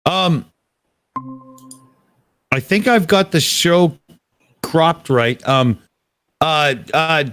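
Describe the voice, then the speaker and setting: Upbeat jokey man, slightly high voice. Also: a bit bright, clean tone. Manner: upbeat, jokey, quick to laugh. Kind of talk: casual live stream banter.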